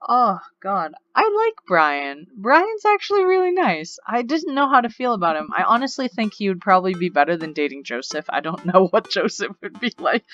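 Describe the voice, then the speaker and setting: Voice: medium pitch, fairly bright tone, highs cut off. Chatty let's play host reading game text. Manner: chatty, rambling asides with frequent laughs. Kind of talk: reading game text aloud with casual commentary.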